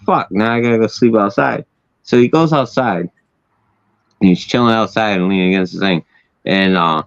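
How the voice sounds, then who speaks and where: A man's voice: lowish voice, no room sound. A man hosting a casual chat, telling a wild story with lots of swearing and laughing at his own punchlines. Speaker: host. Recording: dull lo-fi sound, dry.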